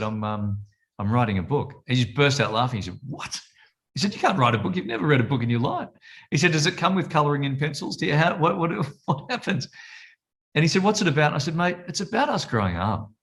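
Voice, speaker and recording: Australian man in his fifties, jokey storyteller. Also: fairly low pitch. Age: 50s. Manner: jokey storyteller, animated retelling of conversations. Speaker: television presenter and author, guest. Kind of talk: casual chat.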